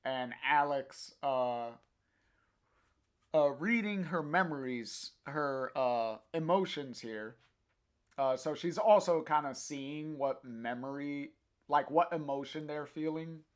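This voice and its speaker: A man's voice: on the high side, slow. A man reading a comic aloud on a stream, narrating the panels hesitantly with many fillers.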